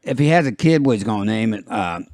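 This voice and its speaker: A man's voice: on the low side, expressive, fast, a little mellow, dry recording, studio quality. A man, hosting a podcast in a loose, rambling, jokey way and laughing at his own jokes. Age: 50s. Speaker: podcast host. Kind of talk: casual chat.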